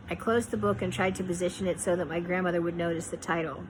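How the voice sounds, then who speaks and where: Low-voiced woman reading her memoir. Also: steady tone, background noise. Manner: measured, reflective.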